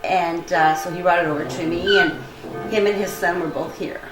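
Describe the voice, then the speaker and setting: An older woman telling a personal story in an interview, earnest and animated, acting out the dialogue she quotes. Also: lowish voice, moderate pace, music in the background. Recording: roomy echo, faint ambient noise.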